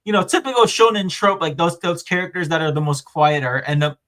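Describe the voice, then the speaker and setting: A podcast host delivers a rambling, filler-heavy anime season recap, performing quotes as he goes. He speaks briskly in a fairly high, fairly bright voice with lively intonation.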